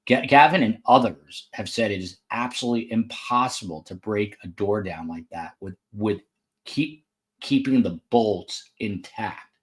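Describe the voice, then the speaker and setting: A man's voice: lowish voice, measured pace. A man hosting a true crime podcast, talking casually from a hotel room with frequent fillers and side remarks. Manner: conversational, with frequent fillers and asides. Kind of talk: casual live commentary.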